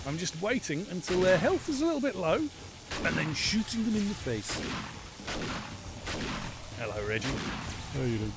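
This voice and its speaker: Excitable, gravelly gamer man. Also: high voice, moderate pace, pauses often, noisy background. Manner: excitable, swears often, chats to viewers while playing. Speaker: game streamer. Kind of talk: live gameplay commentary.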